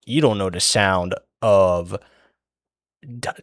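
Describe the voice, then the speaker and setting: A man's voice: low-pitched, takes it slowly. A man as a cocky young rebel hero. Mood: taunting.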